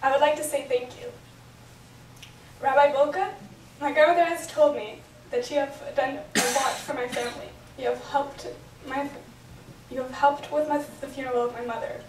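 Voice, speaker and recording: A woman's voice: high voice, steady tone, normal speed, a little hiss or hum. A young woman reading an earnest, emotional prepared speech at a celebration, recorded from far off in an echoey hotel function room. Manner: earnest, reads from notes, emotional. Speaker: bat mitzvah speaker.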